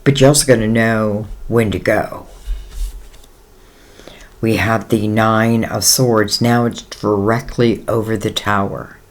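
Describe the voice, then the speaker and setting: A man's voice: on the low side, fairly even intonation, takes it slowly. A man giving a casual tarot reading, talking in a rambling, conversational way with many fillers and speaking straight to the listener in a reassuring tone. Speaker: tarot reader.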